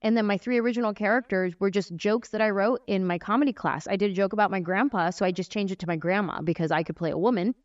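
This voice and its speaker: A woman in her forties, a comedian and guest on a podcast, telling stories in a casual, animated way and acting out the voices she describes. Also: medium pitch, fast, few pauses, no echo. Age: 40s. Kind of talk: casual storytelling in a podcast interview. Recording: dry, slightly muffled lo-fi sound.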